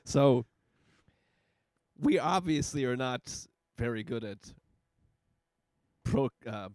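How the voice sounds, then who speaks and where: A man's voice: medium pitch, animated, slow pace, darkish tone, dry recording, clean studio sound. A man co-hosting a podcast in casual banter, laughing often and swearing freely. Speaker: podcast co-host.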